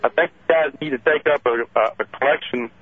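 Gruff male caller on a phone line. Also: mid-range voice, fast, no echo. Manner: gruff, mocking. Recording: phone-line radio call with faint music.

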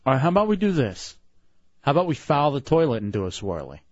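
A man's voice: medium pitch, sing-song, fast talker, a little mellow, dry recording. A man hosting a radio show with brash, crude, joking banter in a studio. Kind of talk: casual talk-radio banter. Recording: dull lo-fi radio broadcast.

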